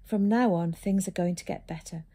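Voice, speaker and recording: A woman plays an upbeat mum, reassuring and cheerful, her voice a bit lifted. It stays mellow and husky, a storybook reading. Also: medium pitch, moderate pace, lightly acted. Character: brave, cheerful mother, upbeat and warm.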